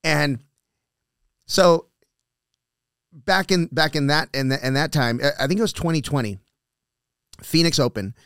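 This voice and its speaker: A man hosting a podcast in a casual interview chat, relaxed and encouraging, with plenty of fillers. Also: fairly high pitch, measured pace, long pauses, clean tone, dry recording, studio quality. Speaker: podcast host.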